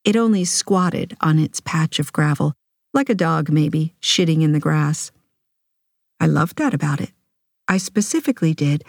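Woman reading an audiobook, lowish voice, calm and intimate, super dry close mic. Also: no room sound. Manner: measured, intimate first-person storytelling. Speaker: audiobook narrator. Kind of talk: scripted audiobook narration.

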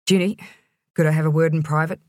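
A woman reading an audiobook, voicing a grave, stoic male farmer who speaks in terse, halting bursts. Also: low voice, little pitch movement, no echo, clean studio sound, close to an everyday voice. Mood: strained.

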